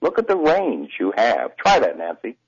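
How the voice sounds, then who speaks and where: A man speaking as a voice coach in a radio interview, his pitch swinging freely as he explains and demonstrates exercises. His expressive, demonstrative delivery comes through a somewhat muffled radio recording. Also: moderate pace, slightly rough. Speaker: voice coach and broadcaster.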